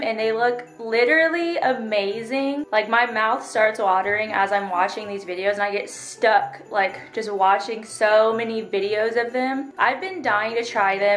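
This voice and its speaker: A chatty young woman vlogger from Texas talks straight to camera, and her voice sits a little high. She sounds tired but keeps up a casual flow full of "like" and "literally". Soft background music plays underneath her. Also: moderate pace, hardly any pauses. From Texas, United States. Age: 20s. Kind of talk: casual vlog chat.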